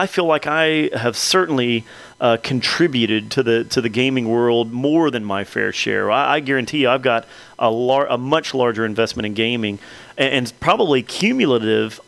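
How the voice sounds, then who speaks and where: A man's voice: mid-range voice, vocal fry, fairly bright tone. A man co-hosting a podcast, chatting casually and emphatically with a rambling flow. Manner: rambling, emphatic, many fillers. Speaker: podcast co-host. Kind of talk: casual chat.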